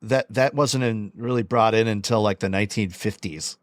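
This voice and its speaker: A man's voice: on the low side, normal speed, no room sound. Male co-host, easygoing musing, dry close sound. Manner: rambling, musing. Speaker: podcast co-host. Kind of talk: casual chat.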